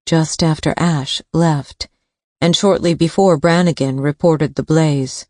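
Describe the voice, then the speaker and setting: A woman reading a thriller audiobook in a measured, even way. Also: deep voice, dry recording, studio quality. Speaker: audiobook narrator. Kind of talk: scripted narration.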